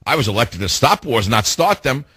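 A man's voice: medium pitch, very animated, normal speed, pushed and bright, slightly rough, dry recording, studio quality, full character voice. A man doing a mocking impression of a smug male politician who contradicts himself, in a sing-song, exaggerated voice.

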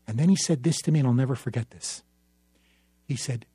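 A newspaper columnist gives an impassioned public speech, telling a story in an emphatic, dramatic way that builds to forceful peaks. His medium-pitched voice is brisk with a breathy edge and long pauses. The recording is clean studio sound with no room noise.

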